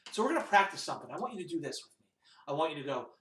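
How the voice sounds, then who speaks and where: Male music teacher for kids, slow sing-song delivery, lively pitch, echoey room heard a bit off mic. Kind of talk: children's music lesson.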